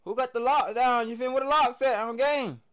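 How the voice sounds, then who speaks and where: This live game streamer is a young man from the U.S. South whose voice sits very high and moves fairly quickly. He chats with his audience in hyped-up, slangy spurts, swinging between loud and soft.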